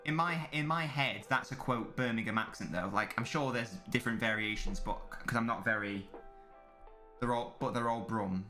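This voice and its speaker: A man with a medium-pitched, pushed and bright voice hosts a live football watchalong stream at a normal speed, with soft music in the background. He chats casually with viewers, reads chat aloud and commentates on the match in a rambling way, with many restarts.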